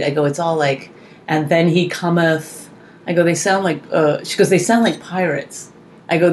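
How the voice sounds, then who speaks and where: A woman with a low voice co-hosts a comedy podcast. She tells family stories quickly and mimics her daughter's lines. Faint room noise sits behind her. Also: a little mellow, low-quality recording. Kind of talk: casual comedic chat.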